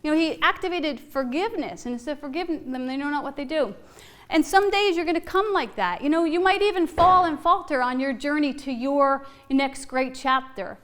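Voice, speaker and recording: A woman's voice: high voice, normal speed, hardly any pauses, a bit bright. A middle-aged woman giving a heartfelt inspirational Easter talk, earnest and laughing often, repeating phrases for emphasis.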